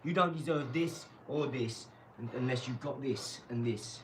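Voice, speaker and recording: A young man streaming live from his garage, mocking and trash-talking a viewer with sudden loud outbursts. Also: medium pitch, moderate pace, recorded from a distance, slight background noise, poor audio. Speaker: livestreamer. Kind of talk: live stream chat while boxing.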